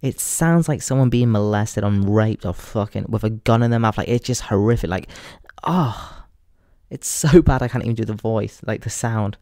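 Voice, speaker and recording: Crude rambling English podcaster. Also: male voice, on the low side, fairly quick, few pauses, mellow, no echo, studio quality. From England. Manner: crude, rambling, laughs at his own jokes. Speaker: podcast host. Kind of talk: casual comedic monologue.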